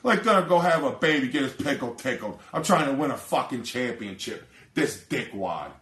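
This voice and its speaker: A man's voice: medium pitch, sing-song, normal speed, fairly bright tone, reverberant. A man hosting a sports podcast, ranting casually with heavy profanity and heated outbursts. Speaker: podcast host.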